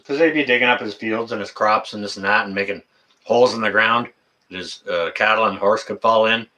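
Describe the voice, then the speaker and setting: Man, middle-aged, casual live chat host, folksy, bright tense voice, laughs a lot. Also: lowish voice. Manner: folksy, laughs often, drawn-out fillers. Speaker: livestream host reading chat.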